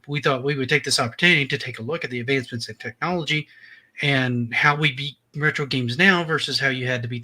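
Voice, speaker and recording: Bright, chatty man hosting. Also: mid-range voice. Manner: friendly, chatty, laughs often. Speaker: podcast host. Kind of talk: casual live-stream chat.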